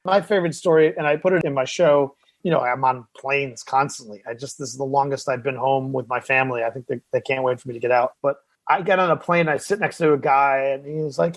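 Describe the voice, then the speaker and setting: A man's voice: mid-range voice, brisk, few pauses, dry recording. A man, an actor, chatting on a podcast and telling stories, acting out the voices of people he met. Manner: animated storyteller acting out other people's lines. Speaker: actor guest. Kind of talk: casual podcast chat.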